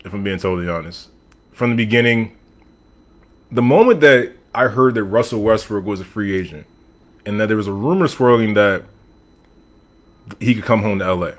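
A man hosting a podcast alone, talking sports in a casual, animated and opinionated way. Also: on the low side. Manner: animated, opinionated, talks straight to the audience. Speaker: podcast host. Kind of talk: casual sports talk monologue. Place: room with a team flag on the wall.

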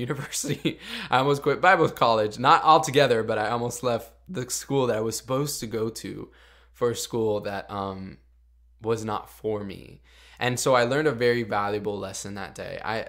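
A young man hosting a podcast, telling a personal story in an earnest, confessional way with lots of "like". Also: fairly low pitch. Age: young adult. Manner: earnest and confessional, heavy use of "like". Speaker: podcast host. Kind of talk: casual storytelling.

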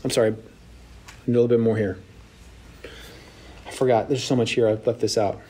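A man teaching a casual Bible lesson to young adults, retelling the story with lively acted-out voices. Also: medium pitch, moderate pace. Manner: animated storytelling, acts out voices with laughs.

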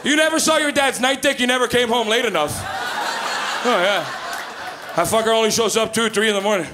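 A man in his thirties from Canada doing stand-up in a comedy club, loud and profane, acting out stories. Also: extremely high pitch, a little fast, crowd noise, noisy background. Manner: loud, profane, storytelling with acted-out voices. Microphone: handheld stage mic.

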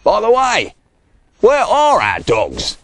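A big, whiny sheep shearer who moans about everything, as a male storyteller puts him on. His voice is pitched well above the narrator's own and comes out loud and squeaky, recorded close and dry. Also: huge pitch swings, slow pace, vocal fry, dry recording, full character voice. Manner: high-pitched and moaning.

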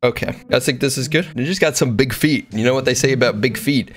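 A young man giving goofy, excitable commentary over his own gameplay, joking along and breaking into sudden high yelps. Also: quick pace. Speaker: gaming streamer. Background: background music.

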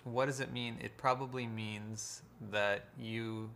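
A man talking as a guest in a live chat, measured and probing, asking follow-up questions. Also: medium pitch, fairly even intonation, fairly bright tone, slight background noise. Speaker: guest, empath and author. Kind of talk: conversational interview.

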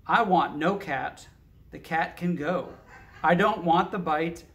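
A man's voice: a little high, slow pace, a bit bright. A man voicing a defensive dog denying blame, in a plain storybook reading voice.

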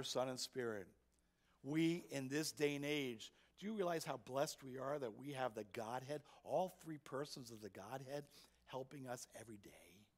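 A man preaching a sermon as pastor, emphatic and asking his congregation rhetorical questions. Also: mid-range voice. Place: church sanctuary.

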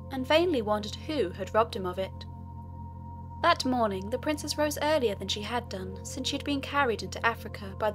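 A woman narrating a fairy tale audiobook in a steady storytelling manner. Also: medium pitch.

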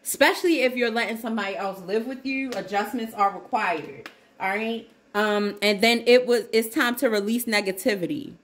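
A woman's voice: on the high side, moderate pace, slight background noise. Laughing woman reading tarot, echoey room. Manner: laughing, exclaiming, talks to viewers as y'all. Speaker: tarot reader. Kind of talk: casual tarot reading to camera.

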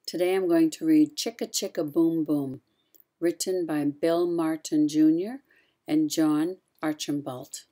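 Slow, mellow grandmother reading aloud. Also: low voice. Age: older. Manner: slow, sing-song storytelling with lively letter voices. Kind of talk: children's picture book read-aloud.

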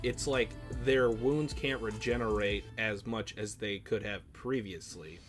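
A man co-hosting an anime reaction show, breaking down scenes in an animated, analytical way. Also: on the low side, measured pace, over music. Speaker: co-host of an anime reaction channel. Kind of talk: casual chat.

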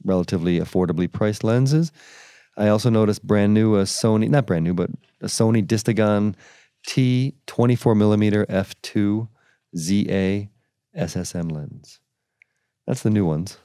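Low, mellow-voiced male co-host. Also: normal speed, clear, resonant tone, no room sound, studio quality. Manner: reads lens listings aloud, hesitant. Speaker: podcast co-host. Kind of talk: casual podcast discussion.

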